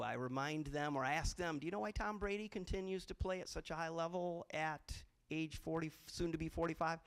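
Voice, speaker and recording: A man's voice: a little high, poor audio. A man from college admissions opening a live-streamed panel, telling a parable with self-deprecating jokes. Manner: jokey, self-deprecating, storytelling.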